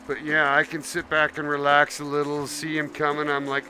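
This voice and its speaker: A man's voice: fairly high pitch, completely flat delivery, moderate pace, hardly any pauses, pushed and bright. Man streamer chatting over music. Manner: refers to himself in third person; affectionate toward viewers. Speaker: live streamer. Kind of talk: casual game-stream chat. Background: background music.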